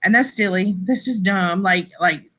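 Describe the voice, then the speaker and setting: A woman's voice: medium pitch, normal speed, fairly bright tone. A woman hosting a casual live stream, chatting and rambling to her viewers, laughing often and saying y'all.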